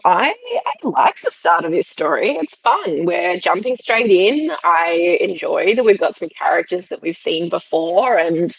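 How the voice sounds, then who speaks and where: A woman's voice: lowish voice, lively intonation, unhurried, vocal fry, few pauses, slightly rough, muffled recording. A woman co-hosting a podcast, chatting casually and laughing often. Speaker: podcast co-host. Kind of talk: casual chat.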